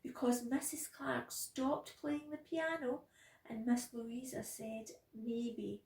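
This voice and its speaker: A nursery worker reads a picture book aloud, slow and gentle, in a fairly high, gravelly voice. The sound rings off the walls of an echoey room. The mic is set well back from her. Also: far from the mic. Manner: gentle, expressive, slow and clear for young children. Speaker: nursery practitioner. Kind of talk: children's story reading.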